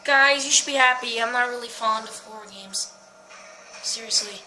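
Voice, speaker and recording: Over soft background music on a low-quality recording, a young gaming channel host plays a horror game at home, her slightly high voice bright and forceful at a normal pace. She's scared and nervous, cursing and screaming as she addresses her viewers and her dog.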